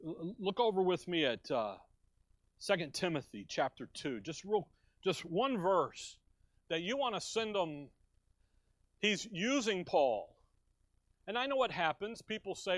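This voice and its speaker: A middle-aged man from Chicago preaches a sermon in a folksy style and breaks into joking asides with his listeners. His voice sits a little high for a man. The sound is dry, with hardly any room echo. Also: animated, moderate pace, fairly bright tone. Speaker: pastor. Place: church.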